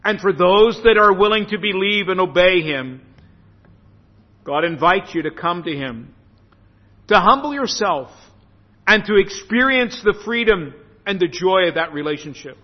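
A man preaching a sermon, slow and earnest, stressing phrases by repeating them. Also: high voice, animated. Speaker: pastor. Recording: dull sound with long hall reverb.

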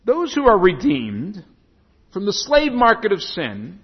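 A male pastor preaching a sermon, telling stories dramatically, with big swings from loud to hushed. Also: sits high, huge pitch swings, unhurried, slightly rough. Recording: dull echoey hall recording.

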